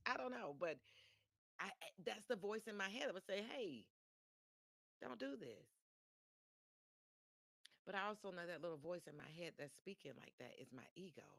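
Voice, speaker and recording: A woman's voice: low-pitched, fairly bright tone, no room sound, clean studio sound. A woman hosting a motivational podcast, talking straight to her listeners in a chatty, repetitive way with many restarts. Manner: chatty, repeats phrases, frequent restarts. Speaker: podcast host. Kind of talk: motivational live-stream monologue. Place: home live stream.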